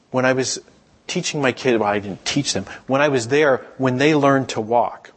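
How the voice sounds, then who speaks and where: A middle-aged man giving a sermon in a relaxed, conversational storytelling way, sometimes acting out the voices of people he quotes. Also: medium pitch. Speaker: pastor.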